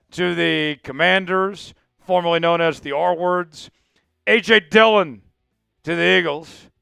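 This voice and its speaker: A fairly high-voiced man with a gravelly edge hosts a live sports news stream. He runs through item after item bluntly and with strong opinions, sounding worn out after hours on air. His voice is bright and clean over a dry, close mic. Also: no echo. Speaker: sports show host.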